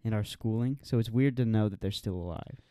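A man's voice: lowish voice, brisk, warm tone, clear, resonant tone, no room sound, studio quality. A young man co-hosting a podcast in casual chat, rambling with crude jokes and frequent swearing. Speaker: podcast co-host.

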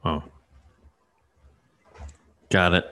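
A man's voice: drawn-out words, background noise. A man in casual chat, rambling with lots of fillers and restarts.

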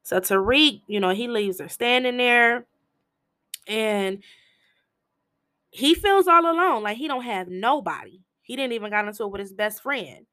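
Bright-voiced woman recapping a show. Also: on the high side, measured pace, no echo. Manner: animated storytelling with slangy asides. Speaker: TV episode recapper. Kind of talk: casual episode recap.

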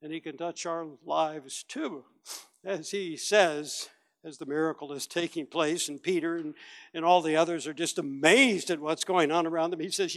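A man preaching a sermon as a pastor, telling the story with lively acted-out voices and big swings from loud to quiet. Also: a little high, moderate pace. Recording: long reverb of a large hall.

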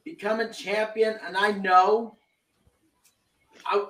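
A man on a podcast panel giving his opinion, halting and full of fillers. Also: high voice, little pitch movement, bright, forceful tone. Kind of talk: casual panel chat. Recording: roomy sound from far off the mic.

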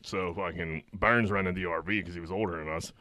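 Low-voiced man telling a rowdy story. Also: fairly even intonation, brisk, sharp tone, dry recording. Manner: rambling, swears constantly, laughs through his stories. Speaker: storyteller among friends. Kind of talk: casual chat.

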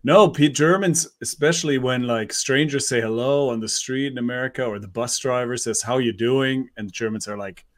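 This voice belongs to a man co-hosting a casual podcast. He speaks at an ordinary middle pitch and stays easygoing. He chimes in with short replies and wry asides. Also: normal speed, hardly any pauses. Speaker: podcast co-host. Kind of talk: casual chat.

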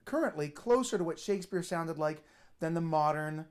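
A woman's voice: sits low, animated, moderate pace, darkish tone, clean tone. A woman co-hosting a casual beer podcast, explaining a theory at length in a chatty lecturing way. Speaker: podcast co-host. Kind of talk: casual chat over beer.

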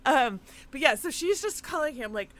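Podcast co-host, woman, casual storyteller with an animated, swinging delivery. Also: high voice, moderate pace. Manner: chatty, animated retelling with frequent fillers and laughs. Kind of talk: casual chat recapping a film.

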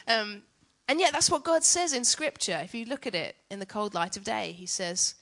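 A woman's voice: mid-range voice, sing-song, fairly quick, a bit bright. A woman giving a chatty, self-mocking teaching talk on worship to church leaders.

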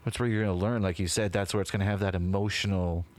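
Man, low voice, podcast co-host, casual chat, laid-back, swears, says dude. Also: steady tone, fast talker, darkish tone.

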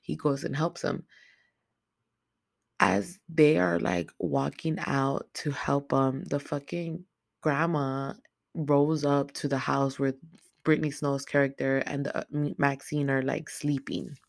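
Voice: medium pitch, takes it slowly, vocal fry, no room sound, studio quality. A speaker casually recapping a movie's plot in heavy slang and constant swearing, acting out the characters' lines. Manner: profane, slangy, animated retelling; acts out characters' lines in quotes. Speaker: film recap commentator.

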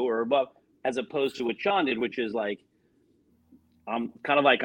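A man's voice: medium pitch, brisk, slightly rough, no room sound. A male podcast host in casual conversation, quoting kind, reassuring phrases. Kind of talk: casual chat.

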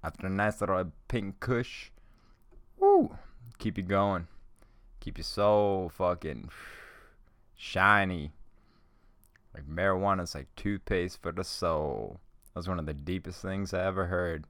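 Very low-voiced, profane podcast host. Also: male voice, unhurried, fairly bright tone, no room sound, clean studio sound. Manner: profane, rambling, hyped. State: high. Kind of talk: casual solo podcast monologue.

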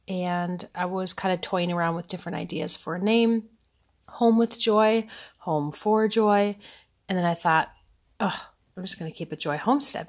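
A woman in her thirties hosting a casual faith podcast from home at night, rambling and sleepy, with soft laughs. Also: mid-range voice. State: sleepy, yawning. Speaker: podcast host.

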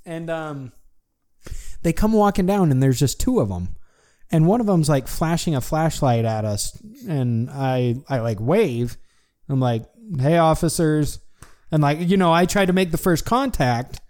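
A young man casually telling a long story to a friend, animated and full of fillers. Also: a little high, measured pace. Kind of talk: casual chat.

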